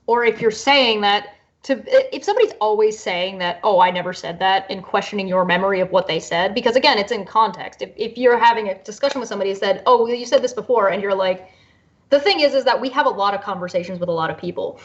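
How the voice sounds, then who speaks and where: A woman on a casual discussion panel, reasoning through points in steady explanations. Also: medium pitch, quick pace. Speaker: panel guest. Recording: dull lo-fi audio.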